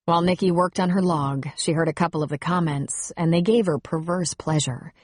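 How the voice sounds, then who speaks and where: A woman with a lowish voice narrates an audiobook in a steady, wry way. She sits close to the microphone, and the recording is completely dry. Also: brisk, husky, no room sound.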